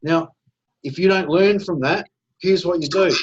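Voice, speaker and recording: A man pitches with brisk energy over a video call, checking in constantly with his listeners. His voice sits a bit high and sounds husky. The audio is dull and lo-fi. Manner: energetic, keeps tagging "all right?". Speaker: network marketing presenter.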